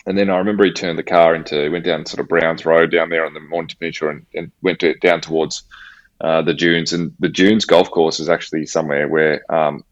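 A man's voice: rumbling low, little pitch movement, a little fast, no echo. An Australian man telling a personal story in casual conversation, with slang and acted-out dialogue. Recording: slightly dull, dry audio.

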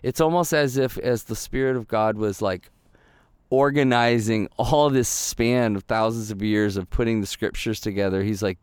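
Middle-aged pastor, clear resonant voice, dry close sound, easy storytelling sermon. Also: male voice, on the low side, steady tone, normal speed, a little mellow, dry recording. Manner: casual and storytelling, with many restarts and fillers. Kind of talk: conversational sermon.

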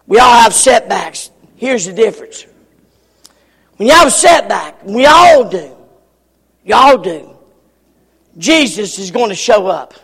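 High-voiced gravelly man preaching in a hall. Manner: impassioned, repeats phrases, bursts into shouts. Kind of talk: sermon. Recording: long reverb of a large hall.

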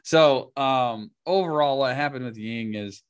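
A man's voice: medium pitch, a little slow, clean tone, no echo, clean studio sound. A man co-hosting a podcast, telling casual stories and often laughing as he talks. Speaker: podcast co-host. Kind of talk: casual chat.

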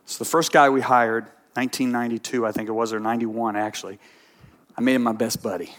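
A man preaching a sermon as pastor, telling stories in an animated way that swings between quiet asides and emphatic points. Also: mid-range voice, quick pace.

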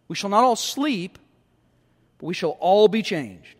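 High-voiced preaching pastor in a hall. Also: male voice, unhurried, pauses often. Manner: animated preaching with rhetorical questions and emphatic repeats. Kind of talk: sermon.

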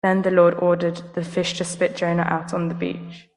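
Female scripture reader, low flat voice, reverberant church hall. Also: moderate pace. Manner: steady, even reading.

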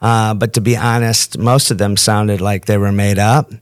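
A man's voice: fairly low pitch, level tone, moderate pace, clear, resonant tone, no room sound, studio quality. A man from the northern United States hosting a podcast, joking with puns and running a quiz game. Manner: jokey, punning, upbeat. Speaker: podcast host. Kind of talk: playful interview and quiz game.

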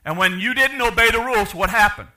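An older man preaching a sermon, asking the congregation questions and swinging from loud to quiet. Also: high-pitched, brisk. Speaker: pastor.

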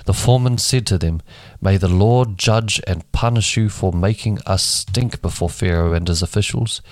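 For a daily Bible podcast, a man reads scripture aloud, giving each speaker in the dialogue a different voice. His voice is low-pitched at a normal speed with no echo, recorded on a home microphone that keeps dropping.

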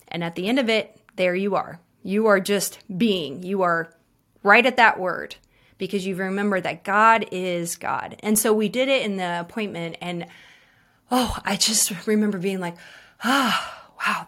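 A woman's voice: mid-range voice, fairly bright tone. A woman in her thirties hosting a devotional podcast, talking in an earnest, encouraging way with casual fillers. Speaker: podcast host.

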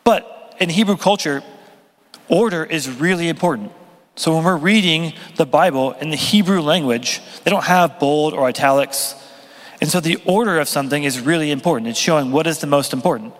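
A young male pastor with a slightly high voice preaches at a moderate pace in a casual, lively, joking manner, full of self-deprecating humor. The recording carries the long reverb of a hall.

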